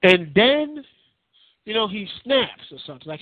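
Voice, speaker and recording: A man's voice: sits high, big pitch swings, moderate pace, dry recording. A man hosting his own podcast, giving casual, rambling, opinionated commentary that keeps circling back on his points. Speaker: podcast host. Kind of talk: casual solo wrestling commentary. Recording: dry, tinny phone-like line.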